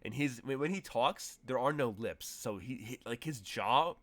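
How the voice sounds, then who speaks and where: A man's voice: mid-range voice, expressive, normal speed, a bit bright. A man narrating as game master in a tabletop role-playing game, rambling through vivid, detailed scene descriptions.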